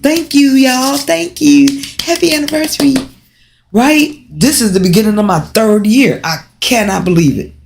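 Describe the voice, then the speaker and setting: A woman from the United States hosting a casual livestream, talking straight to her viewers with lively rhetorical questions. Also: medium pitch. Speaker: livestream host and relocation guide.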